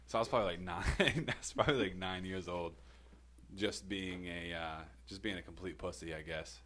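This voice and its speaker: A man's voice: low voice, moderate pace, fairly bright tone. A man on a podcast telling a personal story in a loose, rambling way, swearing often and laughing between lines. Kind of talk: casual storytelling.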